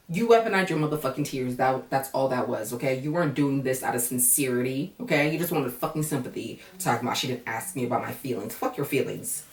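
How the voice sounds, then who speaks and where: Animated swearing woman in an echoey room. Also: fairly low pitch, far from the mic. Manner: animated, swears freely, talks to viewers as girl and y'all. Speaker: reality show recap vlogger. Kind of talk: casual profane commentary. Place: home room, camera on battery. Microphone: camera mic from a distance.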